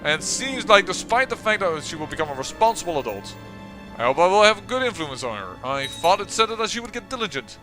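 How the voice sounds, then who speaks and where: A man's voice: high-pitched, big pitch swings, fast, pushed and bright, faint music behind. A man hosting a let's-play, giving game commentary as he thinks aloud, often trailing off and restarting sentences.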